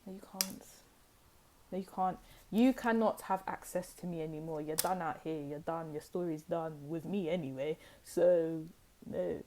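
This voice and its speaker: Animated young woman reading tarot. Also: low-pitched, normal speed. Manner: animated, emphatic, repeats phrases for stress. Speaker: tarot reader. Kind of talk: pick-a-card tarot reading.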